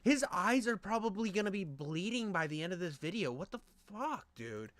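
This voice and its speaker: A man's voice: high-pitched, moderate pace, slight background noise. A man giving crude, mocking reaction commentary on a video, swearing and ribbing the person in it. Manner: mocking, profane, excitable. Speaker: stream host reacting to a video.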